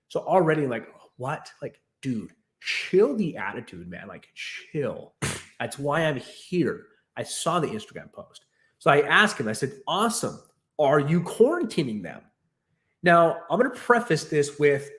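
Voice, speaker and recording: A young man casually recounting a frustrating shopping trip, animated and exasperated, acting out the dialogue as he goes. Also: fairly high pitch. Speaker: fish keeper vlogger. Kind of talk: casual storytelling rant.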